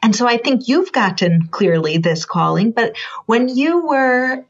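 Woman, interviewer, higher voice, earnest questions, dull lo-fi recording. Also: big pitch swings, a little slow. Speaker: interviewer, organization president. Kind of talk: interview conversation. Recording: dull lo-fi sound.

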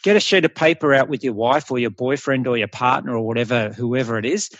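A man's voice: medium pitch, fast talker, a bit bright, dry recording, dull audio. A middle-aged Australian man, a health coach, talking bluntly and animatedly in a casual podcast conversation, swearing freely.

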